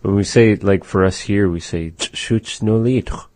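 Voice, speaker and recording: A man teaching words of his language in a casual lesson, saying them slowly and repeating them. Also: lowish voice, darkish tone, no room sound.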